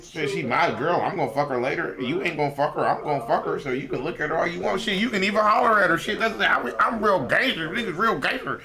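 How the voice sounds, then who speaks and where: A man's voice: on the high side, lively intonation, quick pace, few pauses, a crowd in the background. A man live-streaming while trading stocks, talking in a casual, profane and rambling way.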